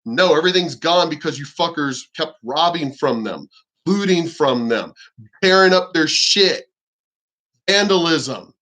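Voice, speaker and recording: A man's voice: a little high, animated, unhurried, bright, forceful tone. A man ranting on his vlog, heated and profane. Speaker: vlogger. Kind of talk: casual rant.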